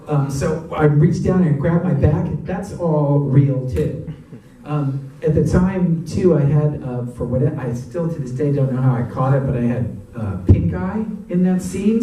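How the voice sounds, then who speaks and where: A man answering audience questions after a screening, telling stories in a chatty, animated way and laughing often. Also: fairly high pitch, slight background noise. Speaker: actor and guest of a Q&A. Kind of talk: audience Q&A storytelling. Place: cinema auditorium. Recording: echoey cinema from far off.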